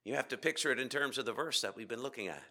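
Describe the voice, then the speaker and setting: Bright-voiced preacher with dramatic pauses. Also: male voice, mid-range voice. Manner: dramatic pauses, rhetorical questions, swings from loud to hushed. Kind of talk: sermon. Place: church.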